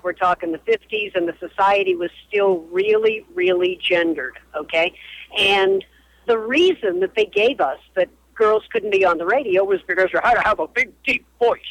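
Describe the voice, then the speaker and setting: Animated older woman on a tinny phone line. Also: mid-range voice, no echo. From Boston area, US. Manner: animated, emphatic storyteller. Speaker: radio historian and author, guest. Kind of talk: phone interview on a radio show.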